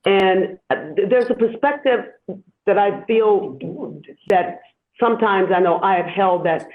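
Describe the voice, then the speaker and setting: A woman guest and caregiver, speaking slowly and reflectively in a heartfelt podcast conversation over a remote call. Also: medium pitch. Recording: tinny phone-like line.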